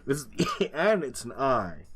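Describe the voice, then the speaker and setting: A man's voice: medium pitch, big pitch swings, normal speed, a bit bright, husky, faint music behind. A man giving casual game commentary, thinking aloud as he works through clues, muttering and swearing now and then. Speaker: gaming streamer.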